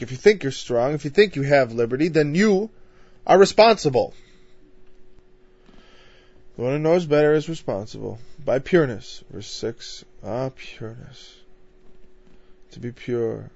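A man's voice: mid-range voice, gravelly, a little mellow, no room sound. A man from northern Illinois leading an informal Bible study in a conversational way. He asks rhetorical questions and often says "you know.". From northern Illinois, USA. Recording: dull, dry lo-fi recording.

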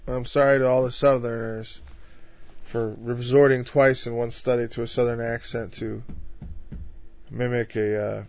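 A man's voice: medium pitch, level tone, measured pace, a little mellow. A man from northern Illinois leading an informal Bible study in a conversational way. He asks rhetorical questions and often says "you know.". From northern Illinois, USA. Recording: dull, dry lo-fi recording.

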